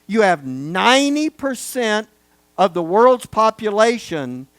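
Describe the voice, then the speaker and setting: Emphatic high-voiced male Bible teacher. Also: very animated, slow, dry recording. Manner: emphatic, building to loud stresses on key words.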